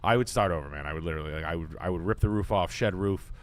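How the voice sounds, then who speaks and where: A man talks with his co-host in a loose, profane ramble. His voice sits a little low, and he peppers his talk with "um" and blunt opinions. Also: rapid-fire. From Boston area, United States. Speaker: podcast host. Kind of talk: casual crude chat.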